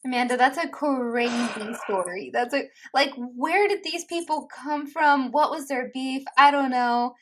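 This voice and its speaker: Woman podcast host, slightly high voice. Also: measured pace, few pauses. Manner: attentive, reacting with short affirmations. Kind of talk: interview conversation.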